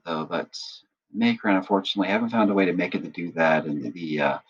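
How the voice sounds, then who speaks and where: A man acting as instructor, patiently walking through a software tutorial and often checking in with listeners. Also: on the low side, dull audio. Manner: patient step-by-step explaining, often checks in with "right?". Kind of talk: screen-recorded software tutorial.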